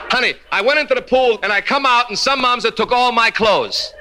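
A man's voice: very high-pitched, fast talker, few pauses. A man performing a stand-up routine in a club, teasing the audience and dropping Yiddish punchlines in a brash manner. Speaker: stand-up comedian. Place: live club before an audience.

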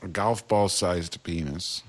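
A man with a somewhat low voice trades deadpan jabs as a comedy podcast co-host. His delivery is dry and sardonic. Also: slow. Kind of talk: raunchy comedy banter.

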